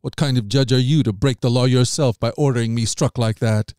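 A man's voice: mid-range voice, steady tone, brisk, a little mellow, clean tone, no echo, studio quality, close to an everyday voice. A man reading the part of an earnest, bold male apostle, his voice raised and pleading.

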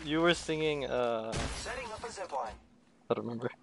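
A young man streaming a game with a friend, excitable and teasing, laughing often. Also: medium pitch, normal speed, vocal fry, over music. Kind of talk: casual gaming chat.

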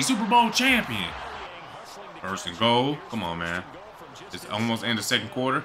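Hyped young gamer man shouting. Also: mid-range voice, very animated, brisk, noisy background. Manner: hypes himself up, bursts into shouting and sing-song bragging. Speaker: gaming YouTuber. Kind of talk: excited live game commentary.

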